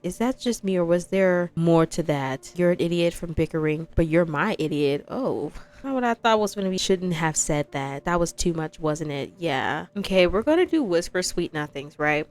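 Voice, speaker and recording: A woman's voice: lowish voice, animated, moderate pace, hardly any pauses, a little mellow. Sassy, chatty woman narrating a game. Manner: chatty, sassy, dramatic asides. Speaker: gaming video creator. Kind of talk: game playthrough commentary.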